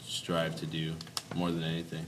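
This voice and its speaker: A man's voice: rumbling low, completely flat delivery, moderate pace. A young man from a band, chatting casually in an interview, laid-back and laughing often. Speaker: band member guest. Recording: distant mic with noise.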